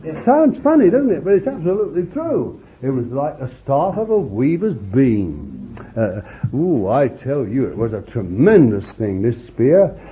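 Guy preaching, just chatting his way through a bible story, super lively up and down voice, muffled old recording. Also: medium pitch, unhurried, few pauses. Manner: chatty, homely storytelling with asides. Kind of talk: informal Bible storytelling sermon. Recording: dull lo-fi recording.

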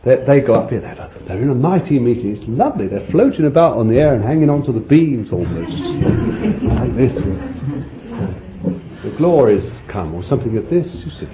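Animated man preaching on a dull old tape. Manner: animated, jumps to high pitch for quoted pleas; laughs between points, addresses listeners as beloved. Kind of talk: sermon. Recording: dull lo-fi old sermon tape with faint hiss.

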